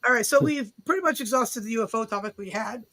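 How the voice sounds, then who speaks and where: A woman's voice: fairly high pitch, fast, a crowd in the background. A woman co-hosting a live podcast stream, rambling casually with restarts and loose swearing. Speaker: podcast co-host.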